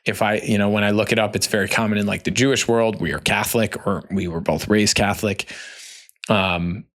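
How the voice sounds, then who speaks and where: A man's voice: fairly low pitch, steady tone, fairly quick, a bit bright. An American man in his thirties, hosting a candid solo podcast in a loose, conversational way, with lots of "like" and "you know". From United States. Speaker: podcast host.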